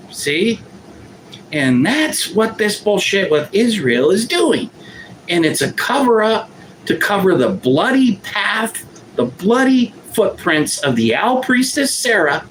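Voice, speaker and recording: Guy ranting about politics, swears a lot, high voice all over the place, bit of room hum. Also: fairly bright tone, low-quality recording. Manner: profane, heated and sarcastic. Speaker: political commentary host.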